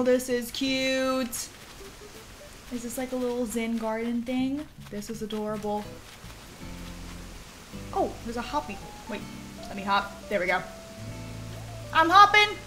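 A woman's voice: on the high side, a little slow, pauses often. A young woman streaming a game, chatting casually and gushing over what she sees, giggling often. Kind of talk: casual live-stream chatter while gaming. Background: soft game music.

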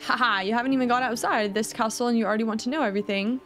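A wise king who keeps dodging questions, read aloud by a woman. The game dialogue comes in a fairly high voice. The reading stays plain and close to the reader's own voice. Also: rapid-fire, a bit bright, soft background music, lightly acted. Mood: calm. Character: wise but evasive male king.

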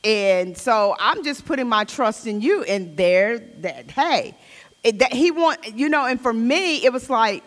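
A woman's voice: on the high side, expressive, unhurried, big-room sound. A woman leading a Bible study in a chatty, informal way, reading scripture aloud between personal remarks. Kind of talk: conversational Bible study teaching. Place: church hall.

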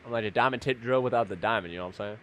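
A young man hosting a gaming video, boasting, joking and yelling at the game as he plays. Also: fairly low pitch, very fast, dry recording. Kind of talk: gameplay commentary.

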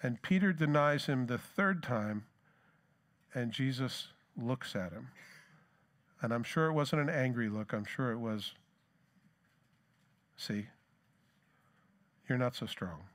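A man's voice: medium pitch, expressive, a little slow, fairly bright tone. A middle-aged man preaching a sermon as pastor, in a conversational way, with rhetorical questions and plain asides.

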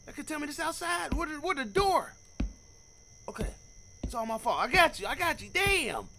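A man playing through a horror game, reacting out loud in jumpy, slangy commentary and talking to himself. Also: extremely high pitch, very animated, moderate pace, background noise. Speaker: gaming channel host.

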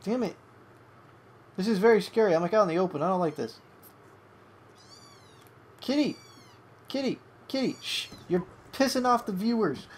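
A young adult gamer giving excitable live commentary over a match, swearing at opponents and coaxing a pet between plays. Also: mid-range voice, moderate pace, long pauses, slightly rough.

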